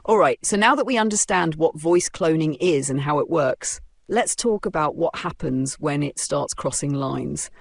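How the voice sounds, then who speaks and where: A woman's voice: low voice, lively intonation, normal speed, gravelly, no echo, clean studio sound. A woman hosting a podcast, delivering a scripted monologue with punchy emphasis and rhetorical questions. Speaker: podcast host.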